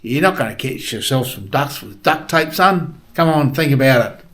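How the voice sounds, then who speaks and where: A man's voice: lively intonation, normal speed, fairly bright tone. A man putting on the voice of a scoffing old man in a rocking chair. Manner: jumps to a high scoffing pitch.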